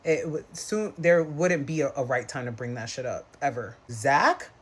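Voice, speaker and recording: A woman's voice: very deep voice, moderate pace, slightly rough. A woman giving casual, blunt and gossipy reaction commentary on a dating show, often slipping into the voices of the people she quotes. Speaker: reality TV commentator.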